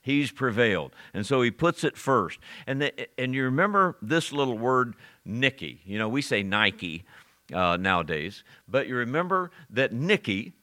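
Bright-voiced man preaching a sermon. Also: mid-range voice, very animated, normal speed, hardly any pauses. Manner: conversational teaching with rising emphatic peaks on scripture.

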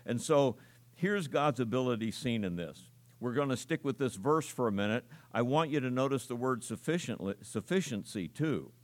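A man's voice: mid-range voice, animated, moderate pace. A middle-aged man preaching a sermon, explaining scripture in a teaching manner and leaning hard on repeated key words.

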